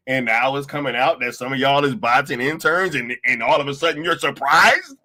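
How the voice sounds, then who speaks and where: A young man hosting a live stream, chatting casually and mocking online critics in slangy, animated talk with frequent laughter. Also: on the high side, moderate pace.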